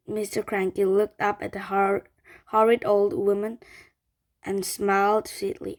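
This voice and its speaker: Slow, halting woman reading a storybook. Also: medium pitch, little pitch movement. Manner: slow, halting, with frequent restarts. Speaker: reader. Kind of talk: reading a children's book aloud.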